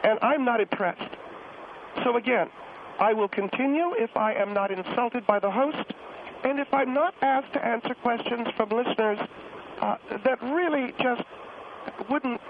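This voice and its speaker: A man's voice: extremely high pitch, normal speed, voice pushed up. A man voicing a prickly, haughty middle-aged woman who calls in to a radio show and talks down to the host. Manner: indignant, huffy and condescending. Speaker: radio guest on the phone. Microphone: telephone. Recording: tinny phone line, faint hiss.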